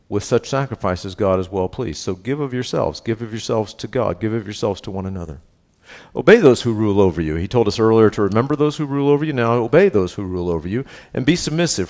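A man's voice: medium pitch, darkish tone. A middle-aged man preaching a sermon as pastor, reading scripture and explaining it in a casual, conversational way, often checking in with a tag question and joking about himself.

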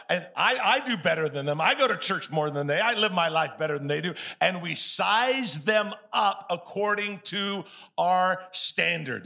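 A man preaching a sermon as pastor, telling stories by acting out both sides of a conversation and getting the congregation to say words out loud. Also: on the high side, vocal fry. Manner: animated storytelling, acts out both sides of conversations; calls on the congregation to answer aloud.

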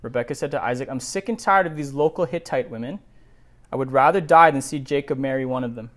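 Animated pastor reading and riffing. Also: male voice, mid-range voice, fast talker. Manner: animated, digressive asides between readings. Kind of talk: sermon, scripture reading with commentary.

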